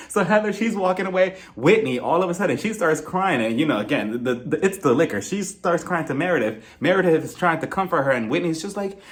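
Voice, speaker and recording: A man's voice: a little high, lively intonation, a little fast, few pauses. Gossipy young man reviewing reality TV. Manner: blunt, gossipy and joking. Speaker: reality TV reviewer, channel host. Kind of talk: casual video review commentary.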